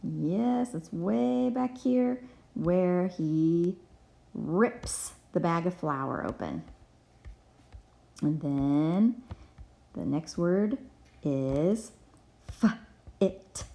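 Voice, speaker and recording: A woman's voice: fairly low pitch, lively intonation, extremely slow, gravelly, long pauses, warm tone. A woman teacher giving a reading lesson to young children, patiently spelling words out letter by letter.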